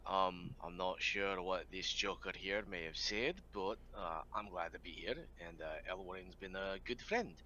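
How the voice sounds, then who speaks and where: A man's voice: sits low, moderate pace, few pauses, bright, forceful tone. A man playing in a tabletop game, speaking in a folksy, drawling way. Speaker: player. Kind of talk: in-character chat in a tabletop game. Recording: dull lo-fi online call with faint noise.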